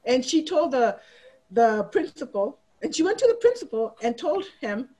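Female educator, middle-aged, higher-pitched, animated storyteller for a teacher training session. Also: normal speed, breathy edge, low-quality recording. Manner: animated, acts out students' voices in quotes. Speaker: teacher giving a training talk. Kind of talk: storytelling presentation.

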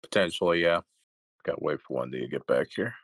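A man hosting a casual podcast chat, relaxed and quick to laugh. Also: extremely low pitch, no room sound. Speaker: podcast host.

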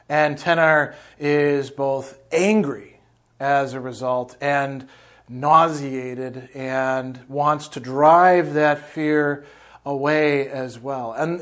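Halting man reading a novel aloud. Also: on the high side. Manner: halting, with frequent fillers. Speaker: philosophy tutor.

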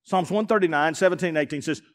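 A man, a pastor preaching a sermon to a congregation in a church, emphatic and building to shouts. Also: fairly high pitch, quick pace. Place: church sanctuary before a congregation.

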